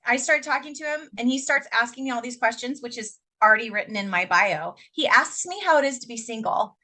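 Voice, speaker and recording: Blunt bright-voiced woman podcast co-host. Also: on the high side, brisk. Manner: blunt, emphatic, swears freely. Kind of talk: casual candid chat.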